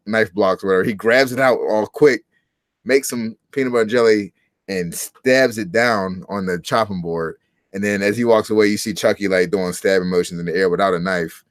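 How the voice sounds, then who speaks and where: A man with a lowish voice talks through a horror film scene by scene in relaxed, loose conversation. He jumps into quick impressions of the characters. The recording is dry and close. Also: no echo. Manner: loose storytelling, acts out quotes. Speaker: podcast co-host. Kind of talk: casual movie review chat.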